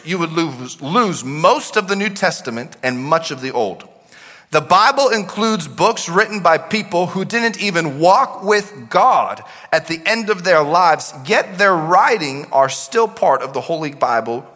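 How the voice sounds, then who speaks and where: Animated man preaching in a reverberant hall. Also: sits high. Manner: animated, swings from shouting to quiet asides. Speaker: pastor. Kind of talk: sermon.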